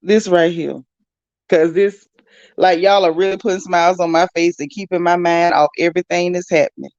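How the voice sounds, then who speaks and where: Female livestream host, gravelly and chatty, reading viewer comments. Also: fairly low pitch, normal speed, no echo, muffled recording. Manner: chatty, animated, talks straight to viewers. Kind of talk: casual livestream chat.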